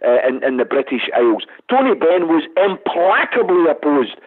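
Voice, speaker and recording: A man's voice: on the high side, sing-song, moderate pace, husky. A Scottish man arguing politics with passion and emphasis as a radio guest, speaking over the phone. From Scotland. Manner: impassioned, emphatic, calls host mate. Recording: tinny phone line.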